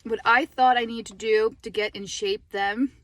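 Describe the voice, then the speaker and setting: A middle-aged woman talking casually to her phone camera from a parked car, chatty and animated, laughing often. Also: fairly high pitch, moderate pace, dry recording. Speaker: lifestyle vlogger.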